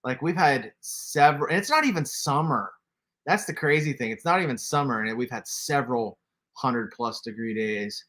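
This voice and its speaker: A man's voice: mid-range voice, expressive, moderate pace, fairly bright tone. A man, casually hosting a toy livestream, laughing often and reading chat aloud. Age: 40s. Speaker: toy collector livestream host.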